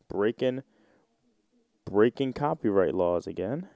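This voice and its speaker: A man's voice: mid-range voice, expressive, a little slow, warm tone, dry recording. A man in his twenties from the United States, hosting a solo podcast in a rambling, joking, slangy way. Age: 20s. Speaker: podcast host. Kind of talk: casual solo podcast chat.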